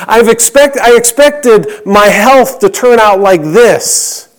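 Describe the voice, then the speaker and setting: High-voiced preaching man. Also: animated, slow pace. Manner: earnest preaching, reading scripture aloud, drops to a hush on key lines. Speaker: pastor. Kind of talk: sermon.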